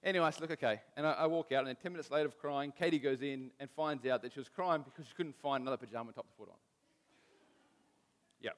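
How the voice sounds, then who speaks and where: A man's voice: mid-range voice, fast. Man preaching in a reverberant hall. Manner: conversational, self-deprecating, restarts often. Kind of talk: sermon with personal stories.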